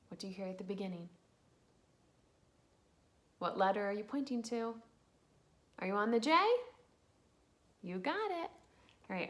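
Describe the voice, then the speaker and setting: A woman teacher giving a slow, patient phonics lesson to young children, sounding out letters and cheering them on. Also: mid-range voice, creaky, fairly bright tone, a little hiss or hum.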